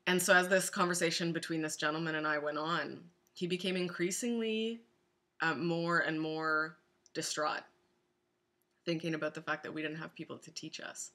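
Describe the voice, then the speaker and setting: Earnest bright-voiced woman vlogging. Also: sits low, steady tone, moderate pace. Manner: earnest, direct, addressing women listeners. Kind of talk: casual spoken blog post.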